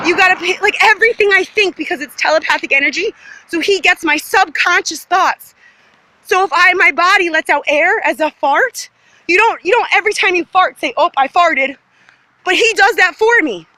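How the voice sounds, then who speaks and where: A woman's voice: very high voice, pushed and bright. A woman giving a rambling, agitated monologue to the camera outdoors in her neighborhood, jumping from topic to topic. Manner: agitated, emphatic, jumps between topics. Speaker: vlogger.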